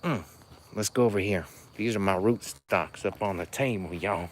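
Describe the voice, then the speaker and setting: A man walks through his outdoor plant nursery after dark, talking to viewers about his trees. He rambles in a chatty, folksy way. His voice drifts off the handheld camera's mic now and then. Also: fairly low pitch, moderate pace, a little hiss or hum. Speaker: rare fruit tree grower and seller. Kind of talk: casual walking tour, talking to viewers.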